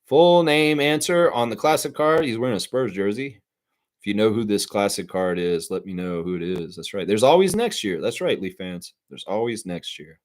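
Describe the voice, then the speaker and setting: A man's voice: lowish voice, moderate pace. A man hosting a casual live stream, chatting loosely and reading viewer comments aloud. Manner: chatty, reads chat aloud, sings snatches of songs.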